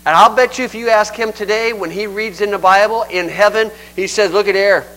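Older male preacher, high and crisp voice, homespun conversational delivery. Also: fairly quick, pushed and bright, poor audio. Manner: folksy, conversational, acts out scripture quotes. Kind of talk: sermon.

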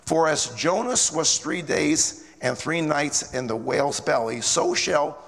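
A man's voice: on the high side, lively intonation, a little slow, fairly bright tone. A man preaching a sermon, telling stories animatedly and reading King James verses aloud. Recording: long reverb of a large room.

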